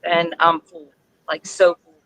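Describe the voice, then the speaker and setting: Woman, guest, live-stream chat, bright tone, halting, soft-spoken, frequent restarts. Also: on the low side, level tone, rough recording.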